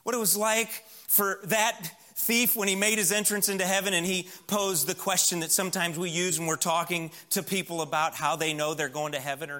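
A man's voice: high voice, pushed and bright. A man preaching a sermon in a church, building emphatic lists and acting out quoted voices in an anecdote. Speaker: pastor.

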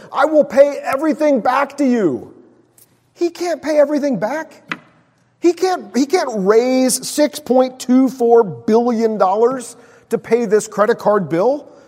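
High-voiced preacher in an echoing hall. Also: male voice, darkish tone. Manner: conversational preaching, drops to near-whisper on key words. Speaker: pastor. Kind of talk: sermon.

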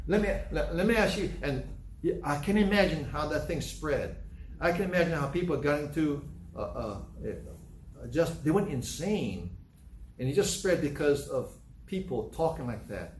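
A man's voice: on the high side, expressive, moderate pace, slight background noise. Brief: male pastor, conversational sermon with acted-out scenes, echoey room. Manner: conversational, acts out scenes in different voices.

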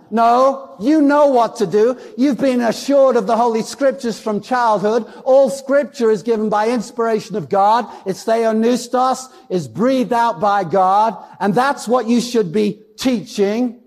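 High-voiced gravelly preacher in a hall. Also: male voice, a little mellow. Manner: emphatic, repeats words for stress. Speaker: pastor. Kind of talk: sermon. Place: church sanctuary. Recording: church hall reverb.

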